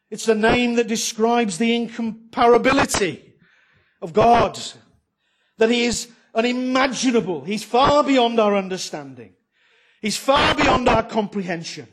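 A man's voice: extremely high pitch, animated, unhurried, pauses often. A man preaching a sermon, conversational and emphatic, with frequent rhetorical questions.

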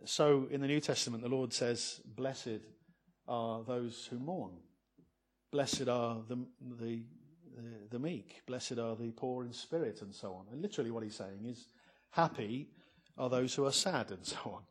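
A man's voice: mid-range voice, unhurried. A man preaching an evening sermon on a psalm, earnest and building to fervent emphasis, with many restarts.

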